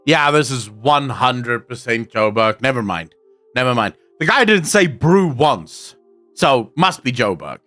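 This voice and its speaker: A man's voice: medium pitch, big pitch swings, a little slow, bright, forceful tone, soft background music. A South African man chatting casually on a live stream, rambling and swearing freely while he answers his chat. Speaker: game streamer.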